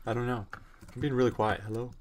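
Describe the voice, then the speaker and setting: Man, sore tired voice, casual gameplay commentary, rambling, self-mocking, soft keyboard clicks behind. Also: mid-range voice, fairly even intonation, quick pace, noisy background. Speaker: let's play gamer.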